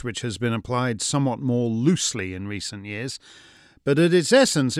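A man hosting scripted commentary in a measured, dryly witty way. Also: mid-range voice, dry recording, studio quality. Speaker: commentary host.

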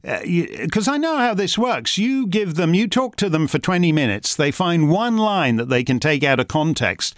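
Host, male, indignant and rambling, swings widely in pitch, dry close sound. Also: dry recording. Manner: rambling and combative, with frequent restarts; reads out listener questions. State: uses a wheelchair. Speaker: host answering member questions. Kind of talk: casual monologue.

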